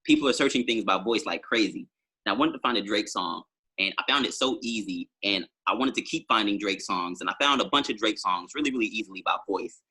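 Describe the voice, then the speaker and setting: A man's voice: on the low side, lively intonation, fast, bright, forceful tone, breathy edge. A man talking as a musician guest on a podcast, telling long rambling stories full of fillers in casual conversation. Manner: rambling storytelling with many fillers.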